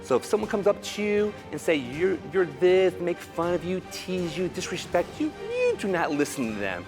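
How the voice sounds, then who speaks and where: A man giving an energetic motivational speech at a school assembly, leading children in call-and-response chants. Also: sits high, moderate pace. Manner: animated and exclamatory, leading chants. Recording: background music under the voice. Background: music.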